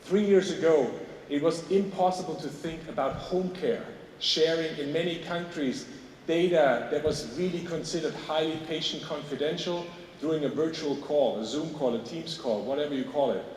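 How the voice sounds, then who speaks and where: A man's voice: on the high side, moderate pace, darkish tone. A man with a German accent giving a conversational keynote at an industry event, often checking in with "okay?". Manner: conversational, tags points with "okay?". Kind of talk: conference keynote speech. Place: large conference hall on stage. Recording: echoey hall, distant mic, faint noise.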